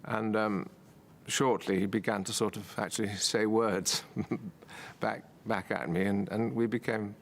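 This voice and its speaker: An older man in a documentary interview, fondly recalling an old friend in a halting way, laughing now and then. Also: on the low side, steady tone, creaky. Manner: halting, fond, laughs often.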